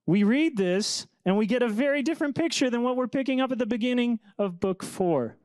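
A young man preaching as a pastor, reading scripture dramatically and talking to the congregation in a casual, animated way. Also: sits high, normal speed, few pauses, clear, resonant tone, no echo. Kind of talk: sermon.

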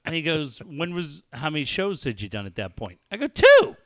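Guy in his 40s on a talk show, bright high-ish voice, dry close sound, acts out the quotes. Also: brisk, no room sound. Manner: storytelling with animated quoted dialogue. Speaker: radio show host. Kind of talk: casual chat.

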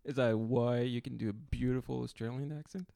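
A man from France with a French accent, hosting a podcast and asking his guest relaxed questions. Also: mid-range voice, brisk, gravelly, no echo, clean studio sound. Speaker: podcast host. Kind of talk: casual interview chat.

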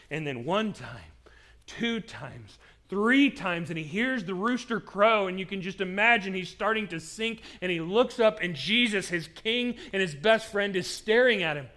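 Pastor guy preaching from a stage, fairly high voice, earnest and dramatic. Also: normal speed, pushed and bright. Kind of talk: sermon. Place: stage with pulpit.

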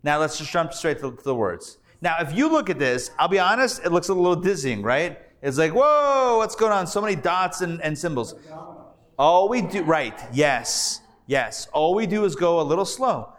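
A man, a rabbi, teaching a live Hebrew reading class, sounding out syllables slowly and patiently checking that his students follow. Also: fairly high pitch, very animated. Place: classroom before a live audience.

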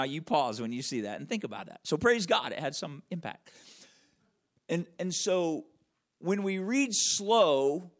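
Animated man preaching a conversational sermon. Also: on the high side. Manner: conversational, asks the audience frequent questions; wide swings in loudness and emphasis, drawn-out slow words. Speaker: pastor.

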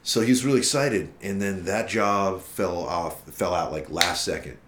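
In an echoey room, a low-pitched male musician talks at a moderate pace through a long, profane story during a relaxed interview. He animates the tale by acting out the lines other people said.

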